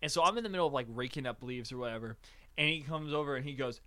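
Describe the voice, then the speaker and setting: A young podcast host with a mid-range voice tells a story at rapid-fire speed in a casual chat, laughing often and acting out what people said. His animated delivery has no echo.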